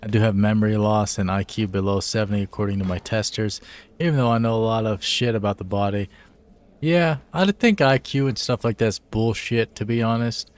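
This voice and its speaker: A tipsy man streaming a game live, chatting in a rambling, profane, loose way. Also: on the low side. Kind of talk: casual live-stream chat.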